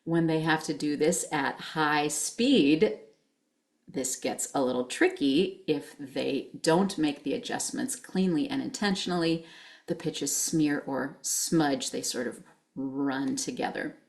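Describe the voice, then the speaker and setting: A woman's voice: deep voice, slow. A woman voice teacher giving a vocal exercise lesson, explaining patiently and encouraging her students.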